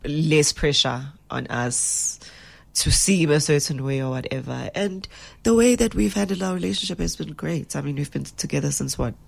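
Brief: South African actress, deep husky low voice with gravelly fry, lively and laughing. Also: female voice, normal speed. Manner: animated, laughing, mixes in Zulu phrases. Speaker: actress, interview guest. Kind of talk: casual interview chat.

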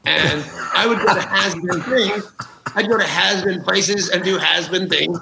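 A man's voice: high-pitched, a little slow, vocal fry, echoey room, very noisy. A man, a talk show guest, telling comic anecdotes with gusto, acting out quotes and laughing at his own jokes. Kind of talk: animated comic storytelling.

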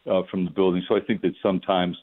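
Older man, deep voice on a phone line. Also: little pitch movement. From New York metropolitan area. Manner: halting, many fillers and restarts. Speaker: former NFL coach, radio guest. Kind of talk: casual radio interview.

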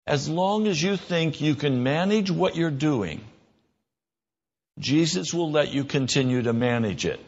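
A man preaching a sermon in an earnest voice, his pitch rising when he stresses a point or acts out a quick exchange. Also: lively intonation, dull audio. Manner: earnest, rises in pitch for emphasis and mimicked dialogue.

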